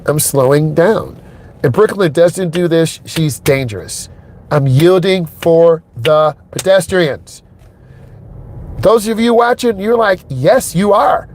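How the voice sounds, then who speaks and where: A man's voice: on the high side, expressive, takes it slowly, darkish tone, a little hiss or hum. A middle-aged man, a driving instructor, narrating a lesson from behind the wheel in a car. He talks straight to the viewers, emphatic and repeating himself. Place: inside a car on city streets.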